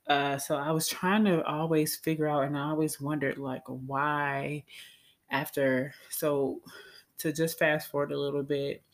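A woman's voice: deep voice, little pitch movement, unhurried. A woman telling a personal story in a casual, candid, chatty way that often breaks into laughter.

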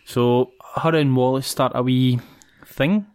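A woman's voice: extremely low pitch, fairly even intonation, slow pace, a little mellow, smooth, no room sound. A woman with a Scottish accent casually recapping a film's plot for a podcast, giggling between points. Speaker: podcast co-host. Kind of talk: casual film recap chat.

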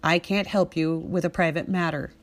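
A woman voicing a curt, dismissive male consular agent in a flat, formal tone while reading her memoir. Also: fairly low pitch, normal speed, natural voice.

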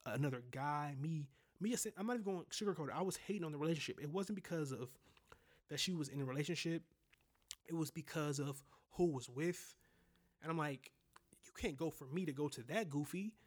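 A young man candidly telling a personal story in a blunt, profane way, full of restarts. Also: on the high side. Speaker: podcast host.

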